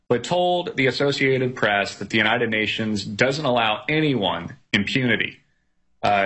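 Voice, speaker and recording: A man reads out news stories and comments on them in a rambling, sarcastic way, stumbling through fillers. His voice is bright and forceful with a slightly husky edge. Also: mid-range voice. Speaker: commentary show host.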